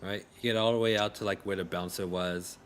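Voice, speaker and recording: A man narrates a tabletop game as game master in a casual, loose way, leaning on "like" as he goes. His voice sits on the low side, and faint typing noise comes through. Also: fairly even intonation, quick pace. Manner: casual, many "like" fillers.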